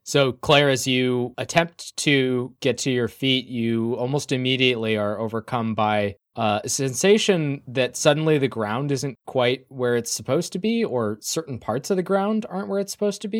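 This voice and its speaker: A man hosting a tabletop role-playing podcast, reading announcements briskly and narrating scenes as game master. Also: medium pitch, no echo, studio quality. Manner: quick, upbeat host reads, slower scene narration.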